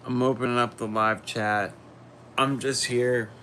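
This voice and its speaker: A man hosting a casual livestream, chatting to viewers and reading their comments while a little sick, talking in a slow, rambling way and trailing off. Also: mid-range voice, steady tone, sharp tone, a little hiss or hum. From Philadelphia. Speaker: livestream host.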